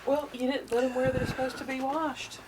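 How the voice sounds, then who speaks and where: A woman's voice: high voice, little pitch movement, a little fast, a crowd in the background, low-quality recording. A woman in a casual chat at home, teasing and blunt.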